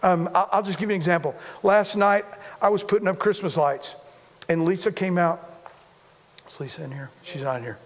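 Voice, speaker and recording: A man's voice: sits high, brisk, long reverb tail. A man preaching a sermon as a pastor, talking conversationally, repeating himself and poking fun at himself. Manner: conversational, repetitive, self-deprecating humor.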